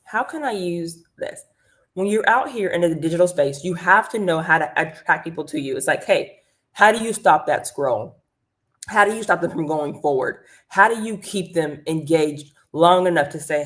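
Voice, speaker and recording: A woman's voice: lowish voice, moderate pace. Upbeat woman hosting a motivational livestream. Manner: energetic, motivational, greets chat viewers by name. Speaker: livestream host and business coach. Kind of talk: live stream pep talk to viewers. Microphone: streaming mic.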